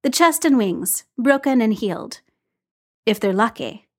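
A woman's voice: a little high, lively intonation, unhurried, darkish tone. A woman reading a story aloud and voicing a wry, grumpy adult man in a raised, bouncy voice.

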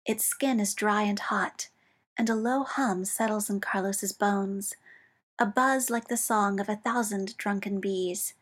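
A woman reading fiction aloud in a slow, soft, measured storytelling manner, dropping now and then into a whisper. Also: mid-range voice, steady tone. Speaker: narrator.

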